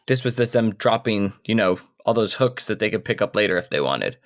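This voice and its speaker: A man co-hosting a podcast, chatting casually and asking questions about a fantasy novel in a relaxed way. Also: lowish voice, fairly quick. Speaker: podcast co-host. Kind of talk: casual book discussion.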